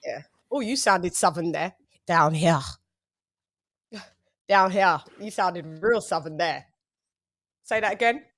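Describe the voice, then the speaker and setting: A woman's voice: fairly low pitch, slow pace, long pauses, fairly bright tone. A woman hosting a casual livestream chat, playful, with sing-song hype introductions. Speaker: host.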